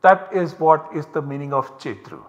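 A man's voice: a little high, moderate pace, in a large hall. A man giving a university lecture, explaining step by step in a methodical way and repeating key points.

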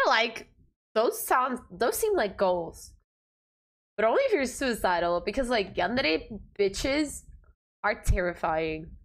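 Woman game streamer, casual and foul-mouthed, laughs a lot, mid pitch. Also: a bit bright. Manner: blunt, profane, laughs often. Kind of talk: casual game livestream commentary.

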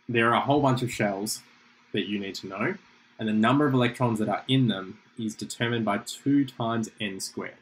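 A man's voice: on the low side, a bit bright, a little hiss or hum, poor audio. A young man giving a casual, chatty chemistry revision lecture, explaining with asides.

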